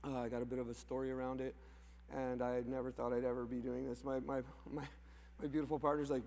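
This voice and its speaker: A man's voice: medium pitch, steady tone, fast, vocal fry, a little mellow. A mushroom farmer from Canada giving an emotional, off-the-cuff speech to a crowd, rambling and restarting his sentences with small laughs. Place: large hall. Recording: long hall reverb.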